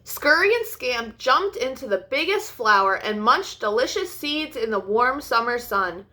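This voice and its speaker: A young woman reading a picture book aloud as a storyteller, in an expressive sing-song way. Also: fairly high pitch, unhurried.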